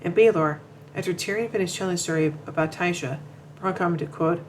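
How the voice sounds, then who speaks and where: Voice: mid-range voice, fairly quick, a little hiss or hum, low-quality recording. A commentator reading a narration from notes, often stumbling, repeating words and restarting sentences. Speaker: show commentator.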